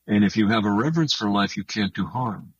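A man being interviewed on the radio about his books, talking in an earnest, thoughtful and unhurried way. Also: fairly low pitch, slightly rough, no room sound, highs cut off. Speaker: guest author.

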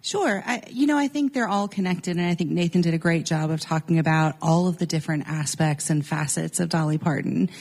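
A woman talks as a radio interview guest, emphatic and full of enthusiasm. Her voice sits on the lower side for a woman. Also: brisk, hardly any pauses, darkish tone.

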